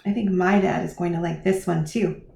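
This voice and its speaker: A woman teaching young children in a lively, sing-song manner, encouraging them and talking straight to them. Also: lowish voice, moderate pace, vocal fry, reverberant. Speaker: preschool teacher. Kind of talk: children's lesson.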